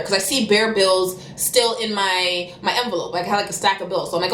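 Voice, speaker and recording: A young woman telling a storytime vlog. She talks fast and animatedly, and bursts into loud cussing. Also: mid-range voice, lively intonation, echoey room, a little hiss or hum. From Canada. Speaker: vlogger.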